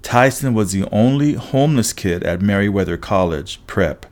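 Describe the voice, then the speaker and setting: A man reading a first-person story aloud as an audiobook narrator, steady with wry asides. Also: fairly low pitch, moderate pace.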